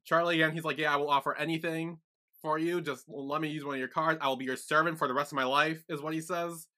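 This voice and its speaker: A man's voice: on the high side, fairly even intonation, quick pace, sharp tone. A man co-hosting a podcast recap in casual chat, retelling scenes and quoting characters. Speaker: podcast co-host.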